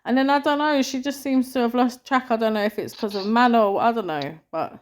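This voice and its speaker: A woman's voice: a little high, a little fast. A woman co-hosting a podcast, telling stories in a chatty, slangy way. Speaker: podcast co-host. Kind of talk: casual chat.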